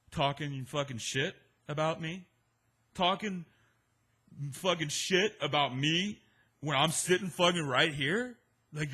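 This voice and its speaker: Belligerent drunk guy, macho and menacing, husky edge; a man doing the voice. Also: lowish voice, sharp tone, pitched below the performer's own voice. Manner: slurring threats, swearing.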